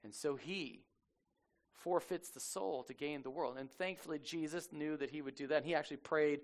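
A man preaches a casual sermon as a lively, slangy storyteller, animatedly acting out the people he quotes. His voice is a little high and moves at a moderate pace.

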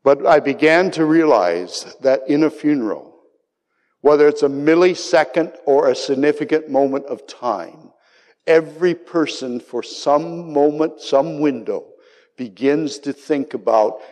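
A man preaches a sermon in a medium-pitched, darkish voice at a slow pace, the recording carrying long hall reverb. He is impassioned, his voice rising into cries on key quoted words.

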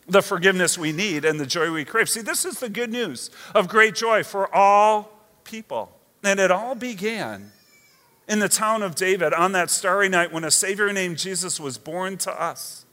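A man preaching a sermon, conversational and expressive, often checking in with the listeners. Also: high-pitched, moderate pace, in a large hall. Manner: expressive, conversational, asks the audience "right?". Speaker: pastor.

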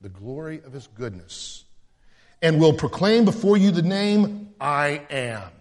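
A male pastor delivers a lively sermon in a fairly high voice. He slips into the voices of the people he quotes, swinging between loud and quiet. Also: measured pace, big-room sound. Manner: animated preaching, acting out quoted voices.

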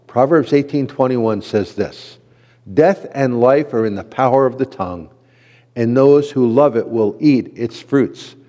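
A man's voice: medium pitch, unhurried, dark tone. A man teaching a sermon-style lesson to men as a pastor, earnest and repeating key phrases for emphasis. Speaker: pastor teaching a men's class. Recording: long hall reverb.

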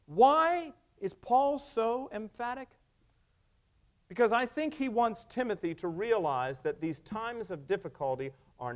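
A male pastor preaching a sermon, emphatic and wry, asking the congregation rhetorical questions. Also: high-pitched. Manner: wry humor.

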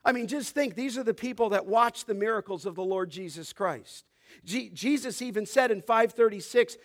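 A pastor with a high voice preaches an emphatic expository sermon. He builds his points with repetition and swells in volume as he quotes scripture. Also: animated, moderate pace.

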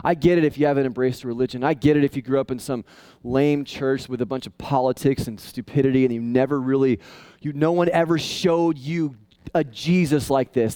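Animated higher-voiced male pastor preaching. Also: clear, resonant tone, dry recording. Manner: conversational, animated, swings into high excited tones. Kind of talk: sermon.

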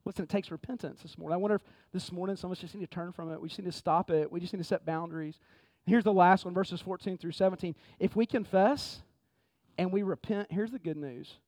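A man preaching a sermon to his congregation, moving from hushed pleading to fervent exhortation. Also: high-pitched, fast, dry recording. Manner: repetitive preacher cadence, addresses the congregation directly. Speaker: pastor. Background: music.

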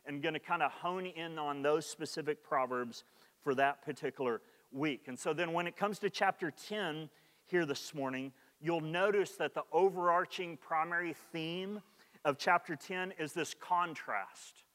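A man preaching a sermon in a conversational way, often restarting his sentences and growing more animated as he goes. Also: a little high, moderate pace, big-room sound. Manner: conversational preaching with many restarts and "like", rising in energy. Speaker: pastor.

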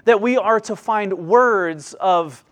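A man in his thirties delivers a sermon in an earnest, searching way. His fairly high voice surges up for emphasis and sinks low and quiet. He often stops and restarts his phrases. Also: slow pace. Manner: earnest, rising and falling delivery with frequent restarts. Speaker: pastor.

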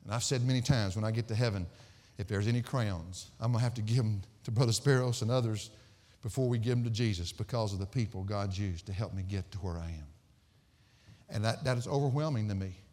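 Man, pastor, middle-aged, emphatic sermon, loud sarcastic peaks, hushed low endings, reverberant sanctuary. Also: brisk. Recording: hall reverb.

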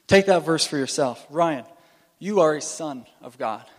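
A man preaching a sermon with animated, playful delivery, often restarting and repeating phrases. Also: fairly high pitch, a little slow. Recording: long reverb in a hall.

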